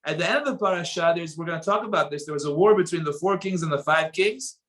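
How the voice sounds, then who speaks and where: A man giving a spoken Torah lesson, telling stories and acting out the quoted voices with sudden swings between loud and soft. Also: fairly high pitch, fast talker, poor audio. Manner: animated, acts out quoted voices with sharp rises and drops in loudness. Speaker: rabbi teaching a Torah lesson.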